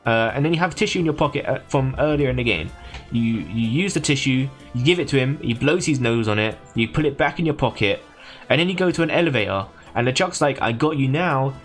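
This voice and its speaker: A man livestreaming, casually recapping a video game plot in a hurried, rambling way. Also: medium pitch, lively intonation, soft background music.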